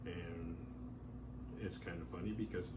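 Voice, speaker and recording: A man's voice: sits low, fairly even intonation, measured pace, very noisy. A man hosting a podcast, recapping a horror film in a loose, slangy way and acting out the characters' lines. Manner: chatty, slangy, acts out characters' lines in quotes. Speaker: podcast host reviewing horror films.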